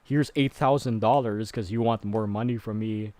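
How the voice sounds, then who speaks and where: A man's voice: fairly low pitch, steady tone, darkish tone, no room sound, lightly acted. A man doing a pushy rich widower. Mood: pleading. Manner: pushy, hurried pleading. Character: eager rich widower desperate to talk.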